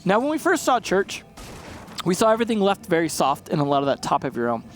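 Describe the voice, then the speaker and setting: A man's voice: high-pitched, very animated, fast talker, a little hiss or hum. A man giving casual, analytical color commentary on an esports match, laughing easily between points. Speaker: esports caster.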